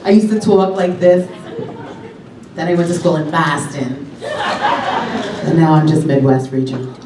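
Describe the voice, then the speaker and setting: A woman from Long Island doing a raunchy stand-up set, telling brash, animated stories with big jumps in pitch. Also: a little slow, over a noisy crowd, very noisy. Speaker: stand-up comedian. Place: comedy club stage. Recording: roomy club sound from a distance, loud audience. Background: audience laughter.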